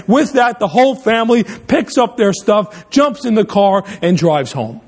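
A pastor preaching, opening with a lively illustrative story before turning to his sermon topic. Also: high-pitched, normal speed, hardly any pauses. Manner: animated storyteller, speeds up in tense moments.

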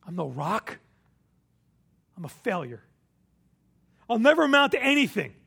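A preacher doing an impulsive apostle who has just failed his friend. The voice sits high with a gravelly edge. He pleads loudly, close to shouting. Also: sing-song, moderate pace, full character voice. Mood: despairing. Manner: loud, pleading, near shouting. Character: impulsive grown man apostle, crushed by his own failure.

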